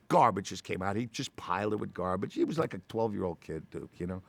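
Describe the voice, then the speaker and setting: Gravelly older man telling a rambling story. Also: lowish voice, fast talker, hardly any pauses. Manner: rambling, animated storyteller with many "you know"s. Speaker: actor. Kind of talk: interview anecdote.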